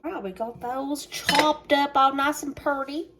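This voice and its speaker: A woman's voice: sits high, steady tone, measured pace, background noise. A woman with a Southern US accent, chatting folksily to her viewers while she cooks in her home kitchen. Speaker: cooking vlogger. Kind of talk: casual cooking vlog.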